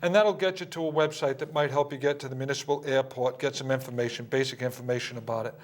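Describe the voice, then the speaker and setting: A man's voice: mid-range voice, fairly even intonation, fast talker. A man hosting a local cable talk show, speaking in a friendly, plain-spoken way. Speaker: cable access show host.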